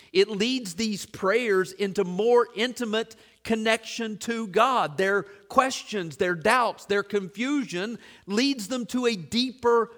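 A man's voice: sits high, fairly bright tone. A man preaching as a church pastor, earnest and questioning, piling up long lists and repeating his questions to the congregation. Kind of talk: sermon.

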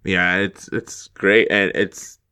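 Smooth low-voiced male podcast host. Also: little pitch movement, takes it slowly, bright, forceful tone. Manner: easygoing, chuckling, many fillers. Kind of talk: casual live-stream chat.

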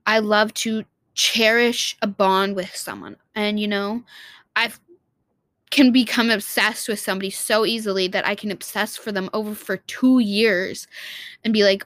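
A woman's voice: medium pitch, fairly even intonation, normal speed, a bit bright, no echo. A young woman vlogging in a casual, heartfelt monologue, rambling and restarting her sentences and swearing casually.

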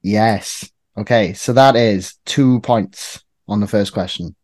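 Hosting a relaxed football quiz for his friends, a man with a lowish, darkish voice takes his time. He teases the group while reading clubs aloud one after another, and the audio has no echo.

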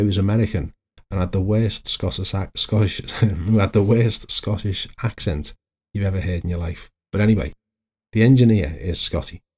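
Man, middle-aged, husky, dark mellow tone, podcast coach talk. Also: on the low side. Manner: chatty, digressive, anecdotal. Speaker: podcast host, life coach. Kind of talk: solo motivational podcast talk.

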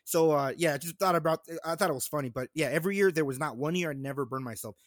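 A man's voice: on the high side, fast talker, no room sound, clean studio sound. Man casually telling haunt stories. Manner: laid-back storytelling with frequent laughs. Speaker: podcast co-host. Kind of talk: casual chat.

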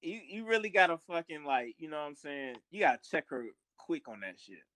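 A young man chatting on a podcast with a slightly high voice, blunt and full of curses. He restarts sentences, repeating words before landing his point. The sound is close and dry. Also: big pitch swings, a little fast, bright, forceful tone, no echo. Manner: blunt, profane, repeats words when starting. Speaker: podcast co-host. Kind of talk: casual chat.

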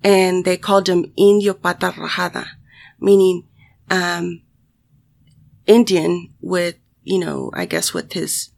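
Slow, gravelly woman telling a personal story. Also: on the low side. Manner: halting, full of fillers and restarts, frequent swearing; emotional, sighing. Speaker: solo vlogger talking to her audience.

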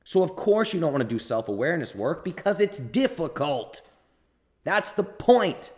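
A man's voice: on the high side, sing-song, normal speed. A man hosting a solo self-help podcast, talking bluntly and emphatically with some swearing and repeating his points to drive them home. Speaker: podcast host and coach. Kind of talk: solo motivational podcast monologue.

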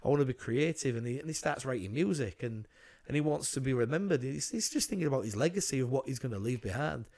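Male co-host, casual film talk, rambling storyteller, mid pitch. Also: animated, fast talker, few pauses, darkish tone. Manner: rambling, retells scenes with quoted lines. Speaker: podcast co-host. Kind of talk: casual film review chat.

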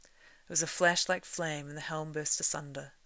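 Her voice low and gravelly, a woman reads a novel aloud at an ordinary pace. The narration stays even but rises with the action, and the close, dry recording carries no room sound.

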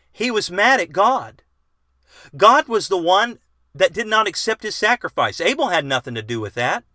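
A man's voice: a little high, sharp tone, dry recording, clean studio sound. A middle-aged man preaching a bible lesson, reading scripture aloud and explaining it with earnest questions to his listeners. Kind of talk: bible teaching sermon.

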